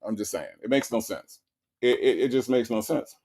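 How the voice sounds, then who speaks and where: A man's voice: medium pitch, moderate pace, darkish tone. A man hosting a comedic commentary stream, reading chat aloud and mocking with frequent laughs. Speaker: host.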